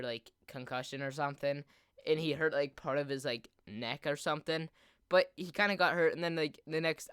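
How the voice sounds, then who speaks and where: A man's voice: medium pitch, fairly bright tone, smooth, no echo, studio quality. A teenage boy telling a long story while he games, rambling and filling nearly every phrase with "like". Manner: rambling, constant "like" fillers. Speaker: gaming video host. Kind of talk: casual storytelling over gameplay.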